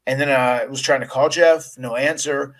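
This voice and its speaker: A man's voice: medium pitch, fairly even intonation, normal speed, fairly bright tone, poor audio. Earnest man recounting a story. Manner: earnest, with frequent restarts and quoted dialogue. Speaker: wrestler telling his story. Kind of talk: conversational interview storytelling.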